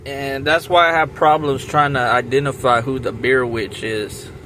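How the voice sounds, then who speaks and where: A man's voice: medium pitch, steady tone, normal speed, rough recording. A man telling a rambling story in casual talk, restarting and repeating himself with lots of fillers. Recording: loud traffic and outdoor noise.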